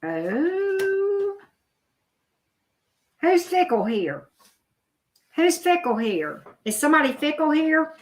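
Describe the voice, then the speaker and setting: A woman's voice: sits high, big pitch swings, measured pace. A middle-aged woman doing a live tarot reading, chatty and blunt, talking straight to her viewers. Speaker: tarot reader. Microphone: video camera.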